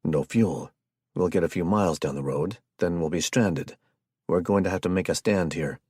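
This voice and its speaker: A grim, curt male commander, as a narrator voices him. He gives short orders in a very deep, husky voice. The recording is close and dry. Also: moderate pace, mellow, no room sound.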